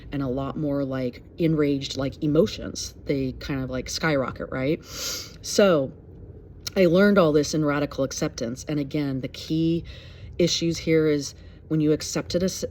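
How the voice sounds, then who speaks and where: A woman's voice: deep voice, a little mellow, a little hiss or hum. A middle-aged woman sharing a personal story in an earnest, reflective way, with many fillers, as a mental health advocate.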